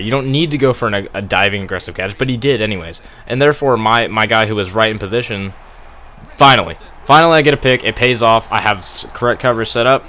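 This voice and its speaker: A man's voice: mid-range voice, sharp tone. A young man giving casual, rambling commentary over a football video game through a gaming headset, laughing at himself and getting worked up over plays. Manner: rambling, self-deprecating, laughs often, gets worked up. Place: at home playing on a TV.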